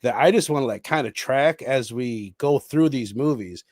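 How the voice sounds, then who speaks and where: A man co-hosting a casual film podcast, talking in an animated way and playfully quoting lines. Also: medium pitch, moderate pace, no room sound, clean studio sound. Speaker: podcast co-host.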